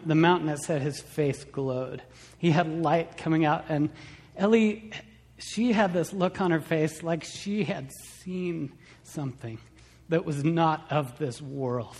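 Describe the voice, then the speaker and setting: A man telling a story from the pulpit to a church audience in an earnest, storytelling manner. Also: a little high. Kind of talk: sermon storytelling. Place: large church hall. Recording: echoey hall with long reverb.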